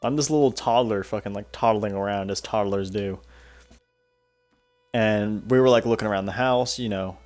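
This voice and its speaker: A man's voice: lowish voice, moderate pace, a little mellow. A young man streaming a game, telling stories in a rambling, profane way and laughing often. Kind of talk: casual storytelling while playing a game.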